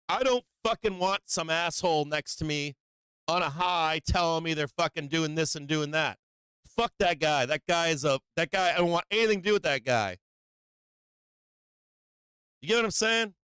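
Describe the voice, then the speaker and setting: A male stock market show host delivers brash, profane, emphatic market commentary on a live stream, swinging between loud emphasis and low, quieter explanation. His pace is measured, his tone clear and resonant, with no room sound.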